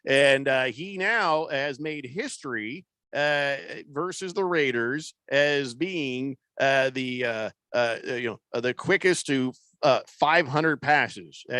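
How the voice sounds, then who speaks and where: A man hosting a casual sports talk radio show, talking in a halting way with lots of fillers and restarts. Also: mid-range voice, a bit bright, no room sound.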